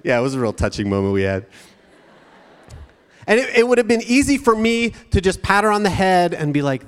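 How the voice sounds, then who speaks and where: A man's voice: high voice, sing-song, brisk, clear, resonant tone. Man preaching in a reverberant hall. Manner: conversational, frequent tag questions. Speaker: pastor. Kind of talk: sermon to students.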